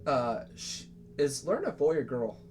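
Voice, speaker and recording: A man narrating as game master in a casual, halting way, with many fillers. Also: mid-range voice, very animated, a little mellow, slight background noise.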